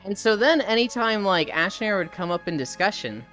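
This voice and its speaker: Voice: medium pitch, lively intonation, a little fast, a bit bright, soft background music. A livestreamer in casual chat with viewers, who tells stories animatedly, acts out what friends said, swears and laughs often.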